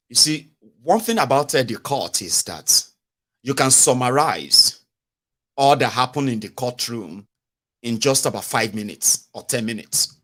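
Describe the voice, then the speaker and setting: A Nigerian man hosting political commentary in a casual, animated way, mixing Pidgin into his English. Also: lowish voice. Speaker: radio and online commentary host.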